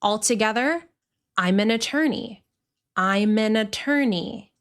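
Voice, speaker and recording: A woman teaching English pronunciation, explaining clearly and repeating words deliberately. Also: mid-range voice, a bit bright, slight background noise. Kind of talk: pronunciation lesson.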